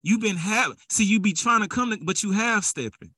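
A man's voice: sits high, moderate pace, sharp tone, breathy edge, no echo. A man preaching a sermon in a casual, conversational way that builds into fervent exhortation.

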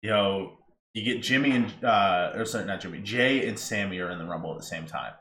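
Low-voiced man pitching ideas. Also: fairly bright tone. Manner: interjects questions, lays out ideas in a measured way. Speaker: podcast co-host. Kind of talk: casual chat. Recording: echoey room with faint noise.

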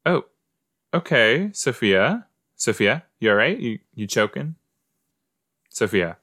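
Medium in pitch but sharp in tone, this man's voice swings widely and moves at a slow pace, recorded cleanly in a studio with no echo. Hosting a podcast, he reacts casually to a show he's watching, thinking out loud and addressing the screen.

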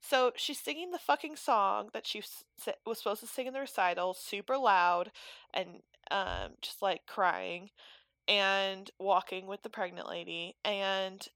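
A woman on a podcast retelling a film's ending in casual chat, animated, swearing freely and acting out the characters' lines. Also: medium pitch, measured pace, dry recording. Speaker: podcast co-host. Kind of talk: casual movie recap.

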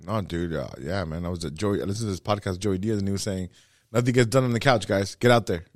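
A man, a stand-up comedian, chatting casually as a podcast guest and telling animated stories. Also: low voice, fast, no echo, clean studio sound. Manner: animated storyteller, acts out other voices.

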